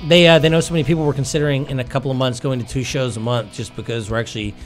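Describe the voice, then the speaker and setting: A man's voice: medium pitch, fairly even intonation, quick pace, faint music behind. A man hosting a casual radio talk show, rambling and chatty with many fillers and restarts. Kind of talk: casual chat.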